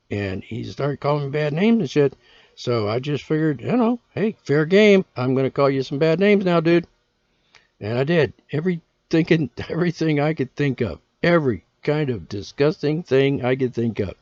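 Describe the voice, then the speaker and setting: A man's voice: mid-range voice, expressive, moderate pace, creaky, darkish tone, dry recording. A man hosting his own podcast, ranting in a profane, exasperated way. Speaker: podcast host. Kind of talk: casual solo rant. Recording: dull lo-fi dry recording.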